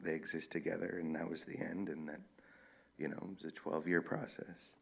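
A male author with a very low, gravelly voice that carries a lot of fry. He reads from his own book, then talks in a soft-spoken, thoughtful way. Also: little pitch movement, fairly quick. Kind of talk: reading from his novel, then chatting.

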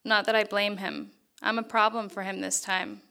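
Quiet young male photographer, friendly and a little sly, as a woman reads him: steady, bright, crisp tone, flat delivery with a touch of gravel. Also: medium pitch, moderate pace. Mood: quietly friendly. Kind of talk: reading fiction aloud.

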